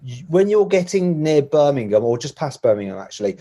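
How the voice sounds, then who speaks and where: A man's voice: on the high side, sing-song, a little fast, warm tone. A man with a Black Country accent chats as a podcast guest. He talks in a jokey, self-deprecating way and laughs often. His stories ramble along loosely. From England, Walsall. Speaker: guest, motoring journalist. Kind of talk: casual interview chat.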